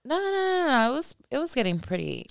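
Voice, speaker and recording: A woman's voice: high-pitched, sing-song, fast talker, gravelly, no echo, clean studio sound. A woman co-hosting a podcast in casual chat, laughing often and swearing freely. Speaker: podcast co-host.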